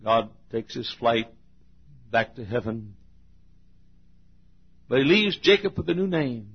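A male preacher delivering a revival sermon in a husky voice, swinging from booming shouts to hushed asides and sing-song chants. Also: very animated, slow, lo-fi sound.

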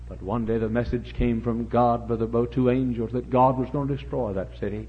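A middle-aged pastor preaching a revival sermon, dropping to low murmurs and then rising to shouted, high-pitched cries. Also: male voice, level tone, fairly quick, a little hiss or hum. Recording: dull lo-fi sermon recording.

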